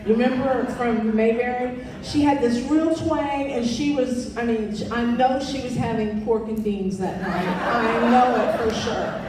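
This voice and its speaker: A woman's voice: fairly high pitch, unhurried, hardly any pauses, a crowd in the background. A woman in her sixties giving an emphatic personal testimony as keynote speaker, repeating phrases for weight. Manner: emphatic storytelling with repetitions. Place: large event hall. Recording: echoey hall, distant mic, faint noise.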